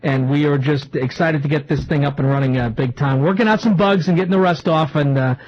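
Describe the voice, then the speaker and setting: Husky guy hosting talk radio, high-ish voice, all over the place, dull lo-fi broadcast sound. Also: a little fast. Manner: rambling and excitable, with restarts. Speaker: radio talk show host. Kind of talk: live talk radio banter. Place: small radio studio.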